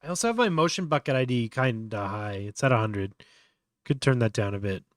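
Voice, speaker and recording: A man's voice: medium pitch, animated, brisk, no room sound. Offhand man thinking aloud, dry sound. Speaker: livestream host. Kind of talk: casual live tutorial commentary.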